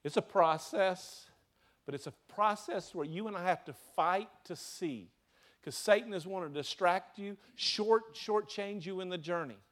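A Southern US man delivering a sermon as pastor, his voice sitting a bit high for a man. He keeps firing questions at the congregation and answering them himself. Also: a little slow, fairly bright tone. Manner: preaching with rhetorical questions to the congregation.

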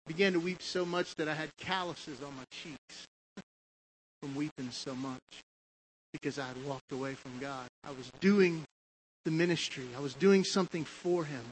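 A man's voice: fairly high pitch, a little hiss or hum, rough recording. A man preaching a testimony sermon, telling his story in a conversational way with frequent asides to the listeners.

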